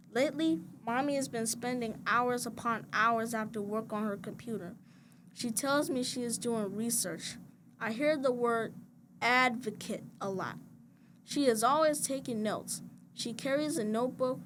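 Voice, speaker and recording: A woman reads a children's picture book aloud, her voice sitting a little high. She keeps a gentle, even storytelling pace. A steady hiss of noise runs under the recording. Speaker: storybook reader. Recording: noisy background hiss.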